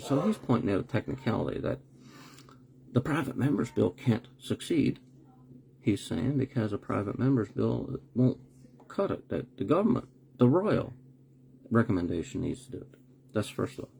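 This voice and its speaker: A man's voice: fairly low pitch, very animated, normal speed, gravelly, pauses often, dark tone, a little hiss or hum. A man hosting a live online broadcast, talking bluntly with rhetorical questions, sarcastic asides and the odd swear word. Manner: swears when annoyed. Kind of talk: live-streamed commentary.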